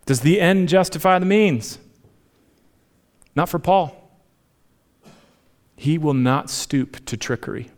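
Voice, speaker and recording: A male pastor preaching a sermon, addressing the congregation with rhetorical questions and swinging between emphatic rises and soft, hushed passages. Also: mid-range voice.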